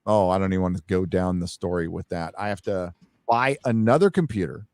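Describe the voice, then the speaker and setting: A man's voice: deep voice, brisk, darkish tone, dry recording. A man hosting a casual podcast chat, rambling with blunt opinions and stammered restarts.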